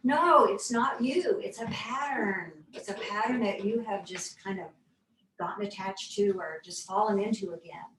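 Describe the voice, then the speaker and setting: A woman reflecting in a thoughtful, halting conversational way, sometimes dropping to soft near-whispers. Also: medium pitch. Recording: echoey room, mic at a distance, faint noise.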